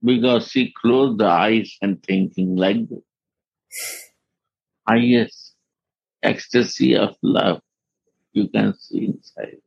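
A man giving a devotional discourse as a spiritual teacher, in halting non-native English and laughing often. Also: lowish voice, creaky, husky, dry recording, highs cut off.

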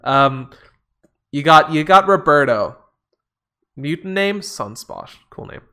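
A man's voice: fairly high pitch, lively intonation, slow, bright, forceful tone. A man in casual chat, recapping a movie with sarcastic, profane jokes and frequent laughs. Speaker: podcast co-host.

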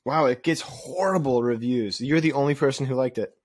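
A man co-hosting a casual podcast, quick-witted and teasing. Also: mid-range voice, breathy edge. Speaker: podcast co-host. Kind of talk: casual chat.

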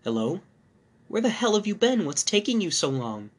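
A man voicing a frantic adulterous wife, raising his voice high and panicked as he reads a horror story. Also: brisk, a bit bright, slightly rough. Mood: urgent. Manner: shrill, panicked pleading.

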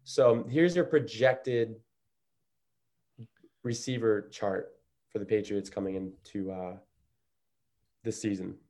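A man's voice: fairly low pitch, fairly even intonation, slow, long pauses, a little mellow. A man co-hosting a casual sports podcast, talking in a loose, rambling way. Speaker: podcast co-host.

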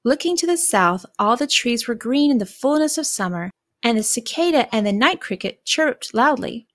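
A woman narrating a fairy tale in a clear, descriptive reading voice. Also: a little high, animated, normal speed, no room sound, clean studio sound. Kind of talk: storybook reading.

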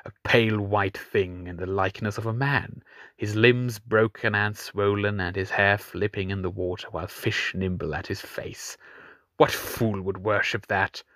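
A man voicing a mocking, cruel male pirate king who taunts slowly and slyly, with sudden high mocking lifts. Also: fairly even intonation, a bit bright, no room sound, clean studio sound. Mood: taunting.

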